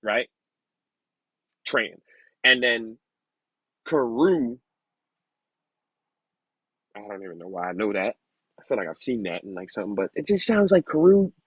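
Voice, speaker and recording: Man, husky voice, dry close sound, halting read-aloud, candid casual asides. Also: lowish voice, very animated, no room sound, dull audio. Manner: slow halting sounding-out of words, then candid rambling asides. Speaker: vlogger learning to read. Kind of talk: casual reading aloud and reflecting.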